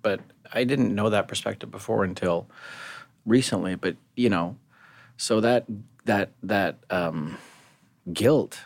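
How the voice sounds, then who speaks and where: A man's voice: lowish voice, slow pace, gravelly, no room sound. A man co-hosting a podcast, talking in a reflective, supportive way and backing up his co-host. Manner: reflective, supportive, backs her up with agreeing murmurs. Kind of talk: candid conversational podcast.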